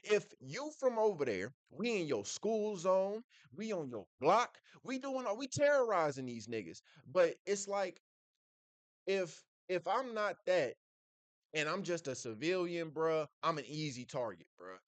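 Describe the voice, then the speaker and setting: A man's voice: high-pitched, big pitch swings, a little slow, no echo. A man hosting a reaction video, talking in casual, blunt slang full of profanity, with "bruh" after nearly every thought. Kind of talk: casual commentary reacting to a clip.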